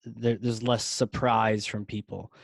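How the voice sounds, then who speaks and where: A man hosting a podcast interview, eager and enthusiastic, chiming in with quick affirmations. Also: fairly low pitch, flat delivery, creaky, no echo. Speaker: podcast host.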